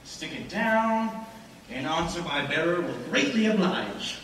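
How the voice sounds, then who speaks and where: A male actor playing an excitable, bossy young college gentleman in a stage play, speaking theatrically, recorded from far off in an echoey hall. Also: fairly high pitch, a little slow, slight background noise. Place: school stage in a large hall.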